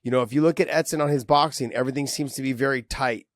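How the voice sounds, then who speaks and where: A man's voice: mid-range voice, steady tone, quick pace, no room sound. A man co-hosting a casual podcast, laughing easily and talking loosely and profanely, thinking aloud. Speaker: podcast co-host. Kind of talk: casual MMA podcast chat.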